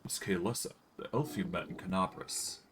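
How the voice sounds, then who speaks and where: A man's voice: sits low, moderate pace, noisy background. A man streaming a fantasy role-playing game, casually thinking aloud and narrating the game's text. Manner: relaxed, thinking aloud with fillers.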